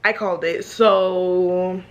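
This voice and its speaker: A woman's voice: fairly low pitch, fairly even intonation, slow pace. A young woman adding a casual, pleased update to her own video. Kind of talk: casual chat.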